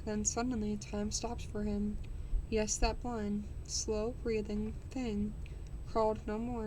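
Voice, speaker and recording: A woman's voice: mid-range voice, noisy background. Woman reading a novel aloud, stumbling. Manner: stumbling, restarts words, casual asides. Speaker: reader streaming a book.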